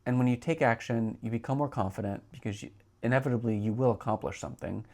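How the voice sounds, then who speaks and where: A man's voice: medium pitch, quick pace, gravelly, darkish tone. A man in his thirties hosting a solo podcast, talking in a chatty, rambling way with many filler words. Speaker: podcast host.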